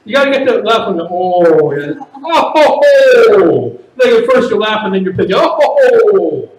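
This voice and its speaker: Animated man doing stand-up. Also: high-pitched, fast talker, reverberant, recorded from a distance, rough recording. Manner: loud animated shouting bits. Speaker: stand-up comedian. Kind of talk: stand-up comedy at a party.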